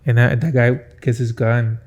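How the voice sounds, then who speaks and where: A man co-hosting a podcast, telling a long story in a loose, swearing, animated way. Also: mid-range voice, moderate pace, muffled recording. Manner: profane, animated anecdote telling. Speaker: podcast co-host. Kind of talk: casual storytelling.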